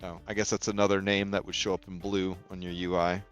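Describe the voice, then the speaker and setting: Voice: low-pitched, little pitch movement, quick pace, lo-fi sound, faint music behind. A game master casually narrating a tabletop game, laughing often and using lots of fillers.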